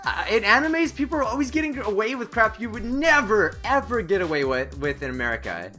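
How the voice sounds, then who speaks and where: A man hosting a gaming video, giving excitable let's-play commentary and talking straight to his viewers. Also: high voice, brisk, soft background music. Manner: animated, laughing, talks straight to viewers.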